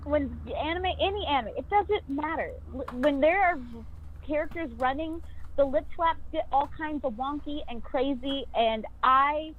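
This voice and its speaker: A woman's voice: high voice, normal speed, slight background noise. A voice actress guest chatting casually and bubbly, giggling and acting out her character's lines. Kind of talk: casual chat on a video call podcast. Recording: tinny phone-like remote audio.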